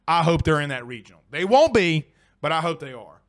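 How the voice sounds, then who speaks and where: A man's voice: a little high, sing-song, normal speed, dry recording, studio quality. A young man hosting a casual sports podcast, exclaiming and swearing as he reads viewer comments. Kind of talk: casual live-stream chat.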